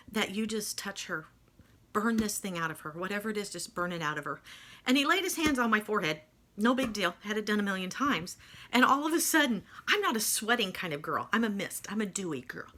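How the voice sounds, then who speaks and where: A woman telling a personal faith testimony, emotional and animated, with folksy asides. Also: medium pitch, fairly quick. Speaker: speaker sharing faith testimony.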